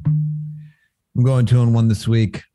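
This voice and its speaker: A young man co-hosting a casual sports podcast, teasing and animated, filling his talk with 'like'. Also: medium pitch, slow pace, soft background music. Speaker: podcast co-host.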